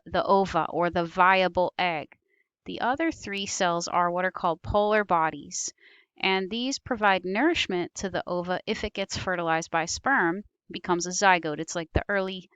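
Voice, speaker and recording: A woman's voice: fairly low pitch, fairly bright tone, clean tone, no room sound. A woman teaching biology over slides, explaining patiently with occasional ums and self-corrections. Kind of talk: recorded slide lecture.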